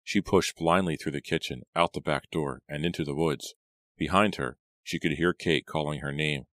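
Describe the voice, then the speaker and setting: A man narrates an audiobook in a measured, even way, his voice extremely deep and low. The recording is close and dry, with no room sound. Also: no room sound. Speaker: audiobook reader.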